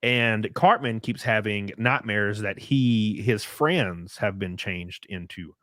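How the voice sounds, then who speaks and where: A man with a lowish, fairly bright voice speaks slowly, hosting a casual talk stream on a dry, studio-quality recording. He's a streamer recapping a TV episode in a rambling, podcast-chat way, his retelling packed with "like" and "um."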